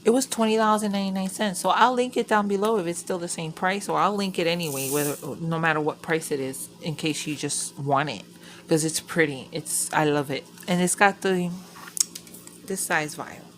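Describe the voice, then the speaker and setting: At her craft table, a crafting vlogger with a lowish voice chats casually at a moderate pace, rambling through a story, swearing freely and laughing. A faint hiss of background noise lies under the recording.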